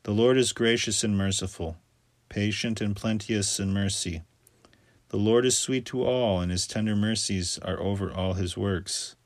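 Man reading scripture aloud, low and dry. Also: steady tone, moderate pace, no room sound. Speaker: scripture reader.

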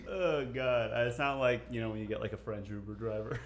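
A man in his thirties co-hosting a podcast, telling stories in a casual, profane, animated way. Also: medium pitch, fairly quick, a little hiss or hum. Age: 30s. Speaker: podcast co-host. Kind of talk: casual chat.

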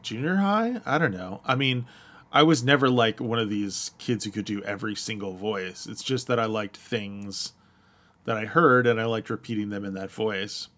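Bright-voiced podcast host. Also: male voice, lowish voice, moderate pace. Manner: hesitant, self-deprecating, many fillers. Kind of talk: casual chat.

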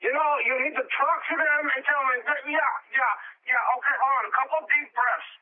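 A man's voice: very high-pitched, steady tone, a little fast. A man playing an agitated caller who rants and swears on a voicemail, repeating "man" often. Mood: furious. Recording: tinny phone-line voicemail.

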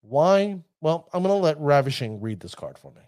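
A man giving casual commentary on a card game deck, chatty and addressing his viewers as ladies and gentlemen. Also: a little high, big pitch swings, moderate pace, no room sound, clean studio sound.

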